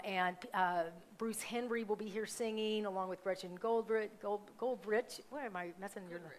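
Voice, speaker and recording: Chatty woman minister making announcements. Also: medium pitch. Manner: chatty, warm asides, self-correcting, many ums. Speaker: minister giving church announcements. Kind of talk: live church announcements. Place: church sanctuary, live service.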